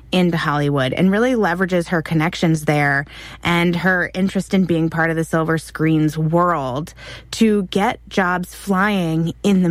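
A woman co-hosting a history podcast with a slightly low voice. She tells the story with open enthusiasm. The recording is very dry and close. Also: no echo. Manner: enthusiastic, animated. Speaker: podcast co-host.

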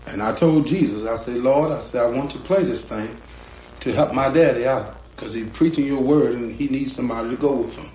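A middle-aged man, a guitarist, telling a story slowly and drawling, acting out the voices of the people in it. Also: medium pitch, darkish tone, slight background noise. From North Carolina. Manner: slow, drawling, acts out quoted voices. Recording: roomy echo, guitar behind.

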